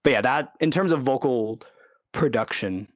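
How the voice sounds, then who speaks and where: A man's voice: medium pitch, normal speed, dry recording. Man, casual rambling talk, filler-heavy, dry studio sound. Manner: rambling, full of "like" and "you know", acts out quotes. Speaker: recording engineer and producer, guest.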